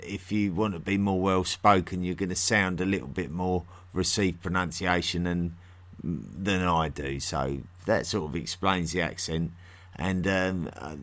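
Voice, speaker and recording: A deep-voiced man with a fairly bright tone and a London accent, from near London in England. He hosts a podcast, chatting casually through listener mail with plenty of fillers and restarts.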